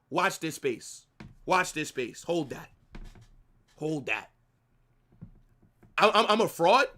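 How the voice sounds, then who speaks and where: A young man's high, bright, forceful voice fills a live football watch-along he hosts. He rants at viewers, swearing heavily and saying the same things over and over.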